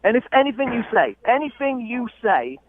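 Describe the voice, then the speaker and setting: A man's voice: very high voice, very animated, fairly quick, slight background noise. A man with a London accent calling into a radio show, defensive and exasperated, laughing it off, heard over a muffled phone line. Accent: British, London. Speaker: caller. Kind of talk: radio call-in chat.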